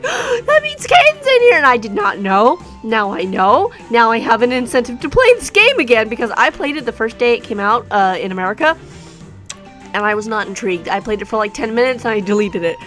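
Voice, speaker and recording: A young woman talks through her gacha summons in a fairly high voice, giggling and begging the game for the character she wants. She sounds excitable throughout, and soft game music plays faintly underneath. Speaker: YouTuber.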